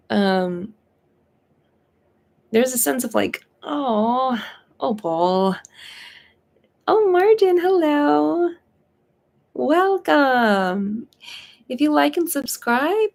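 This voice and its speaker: A woman's voice: mid-range voice, vocal fry. A woman psychic medium chatting casually on a live stream, giggly and full of fillers. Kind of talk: live-stream reading chat.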